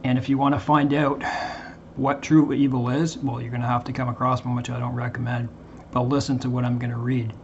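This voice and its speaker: A man talking earnestly to his viewers as a Christian channel host, in a halting way with frequent restarts. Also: medium pitch, little pitch movement, muffled recording, slight background noise. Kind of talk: earnest casual monologue to viewers.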